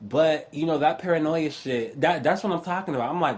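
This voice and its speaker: A man's voice: on the high side, lively intonation, fairly quick, hardly any pauses. A young man telling stories in a casual, profane rant, often laughing and mimicking other people's voices. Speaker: astrology YouTuber.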